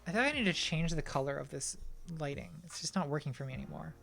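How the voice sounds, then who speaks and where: A woman's voice: low voice, expressive, fast, gravelly, a bit bright. A woman answering viewer questions on a casual livestream, thinking aloud with a self-deprecating manner and frequent restarts, at a home streaming setup.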